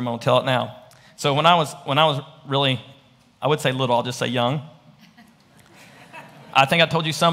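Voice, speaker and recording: Pastor guy telling a story in his sermon, bright tone, lotta "right?", echoey church. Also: mid-range voice. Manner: conversational, rambling, checks in with "right?".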